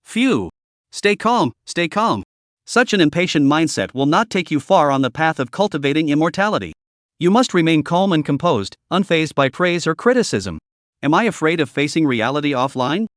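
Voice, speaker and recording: A man's voice: on the high side, big pitch swings, moderate pace, no echo, studio quality. A man voicing a short-tempered young woman cultivator in a comic recap, speaking in exasperated outbursts. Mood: self-calming.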